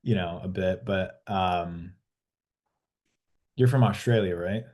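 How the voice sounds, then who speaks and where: A man with a low voice chats loosely as the guest in an interview. He rambles, starts his sentences over and over, and swears now and then. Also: slow pace, a little mellow. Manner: rambling, many restarts and swearing. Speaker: actor guest. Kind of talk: casual interview chat.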